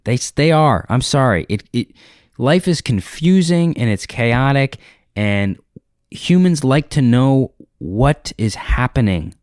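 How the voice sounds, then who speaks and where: A man's voice: mid-range voice, takes it slowly, no room sound, clean studio sound. A man, a comedian, telling a rambling comic story with profanity and acted-out dialogue. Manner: animated, profane, acts out dialogue in character voices.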